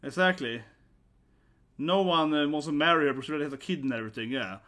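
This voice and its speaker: A man chatters through a live reaction, laughing and exclaiming as he goes. His voice sits high, and its tone is very bright and sharp. He keeps tagging his remarks with quick questions to the listener. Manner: laughs often, exclaims, tags lines with "right?" and "man". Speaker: reaction video host. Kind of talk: excited live reaction commentary.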